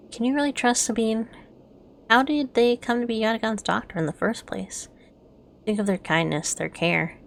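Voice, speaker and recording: A woman softly narrating a story game aloud, slow and soft-spoken. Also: fairly low pitch, creaky, a little hiss or hum. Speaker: game streamer reading aloud. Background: faint music.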